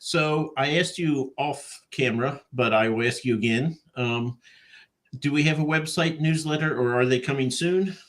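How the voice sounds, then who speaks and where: A man's voice: medium pitch, moderate pace. A middle-aged man hosting a casual video-call interview, telling stories in a dry, rambling way. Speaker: podcast host.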